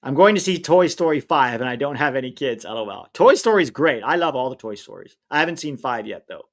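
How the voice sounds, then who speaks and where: A man hosting a live stream, talking in an easygoing, rambling way as he reads viewer comments. His voice sits at an ordinary middle pitch. He gives relaxed opinions and trails off when he is hunting for a name. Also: brisk. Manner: rambling, chatty, loses track of names mid-sentence. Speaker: livestream watch-along host. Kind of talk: casual livestream chat, reading viewer comments.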